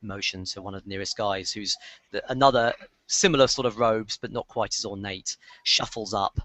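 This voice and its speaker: A man narrating as game master of a tabletop game, rambling with many pauses and restarts. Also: lowish voice, bright, forceful tone, no room sound.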